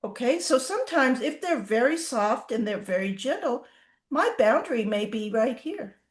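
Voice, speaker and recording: A woman horse trainer telling stories in an interview, animated and acting out the horses' reactions. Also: fairly high pitch, moderate pace, roomy sound. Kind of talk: casual storytelling in an interview.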